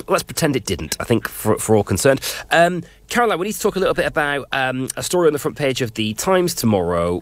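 A man's voice: mid-range voice, no room sound. A man presenting late-night radio news chat, rambling and self-deprecating with many fillers. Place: radio studio.

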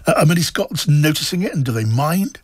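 A man's voice: fairly high pitch, expressive, brisk, slightly rough, dry recording. A man with a southern English accent hosting a radio talk interview, genial and prone to repeating words as he searches for them. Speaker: radio presenter.

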